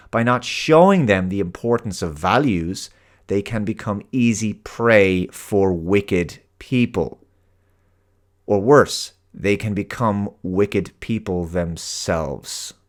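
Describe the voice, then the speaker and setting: An Irish man hosting his own show, delivering an earnest, emphatic opinion monologue. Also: on the low side. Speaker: host.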